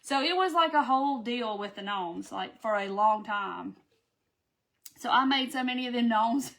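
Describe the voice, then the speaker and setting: A woman's voice: fairly high pitch, moderate pace, vocal fry, a bit bright. Chatty woman crafting live. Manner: chatty, folksy, says "y'all", reads out viewer comments. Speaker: craft live-stream host. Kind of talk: casual chat to live viewers.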